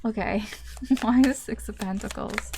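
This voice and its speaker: Young woman, tarot reader, casual chat, lots of fillers, mid-pitched voice. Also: normal speed, noisy background. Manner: chatty, lots of fillers, acts out reactions.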